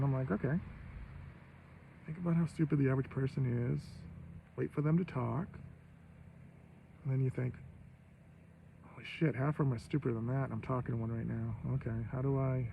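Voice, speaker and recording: Host, man in his fifties, rough fry in the voice, faint vehicle hum behind. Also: medium pitch, phone-quality sound. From Maine, USA. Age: 50s. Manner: rambling, profane, loud bursts of emphasis. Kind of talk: casual monologue.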